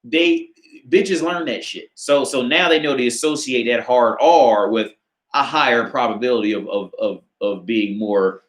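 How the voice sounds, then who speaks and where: A medium-pitched American man, speaking unhurriedly in a reverberant room, hosts a relaxed dating Q&A stream. He reads questions out and responds with profane rambling and constant filler words.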